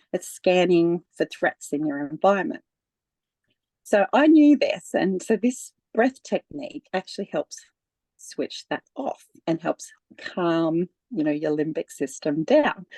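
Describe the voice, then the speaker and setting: A woman speaking as a guest in a relaxed, conversational personal account, with frequent laughs and many fillers. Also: fairly low pitch, gravelly, dry recording.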